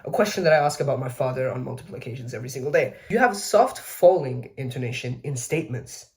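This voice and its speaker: A man's voice: medium pitch, lively intonation, quick pace, a little mellow. A man giving a casual educational explainer, with chatty, self-mocking asides and frequent mid-sentence corrections. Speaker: video essay host.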